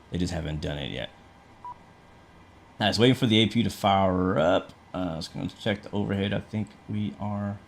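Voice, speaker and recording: Male streamer, lowish voice, casual chatty commentary while he works, answers chat. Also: a bit bright. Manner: chatty, talks through each step, answers chat; frequent fillers and restarts. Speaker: flight sim streamer.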